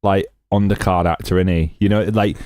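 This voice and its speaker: A man's voice: deep voice, steady tone, normal speed, dark tone, no room sound. Jokey man, dry sound. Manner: jokey, punning, teasing. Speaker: podcast co-host. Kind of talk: casual chat.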